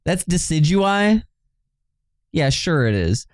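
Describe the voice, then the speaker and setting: Animated, slow-talking male streamer. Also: fairly high pitch, no echo. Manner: excitable, laughs often and swears. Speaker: video game streamer. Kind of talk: casual livestream chat.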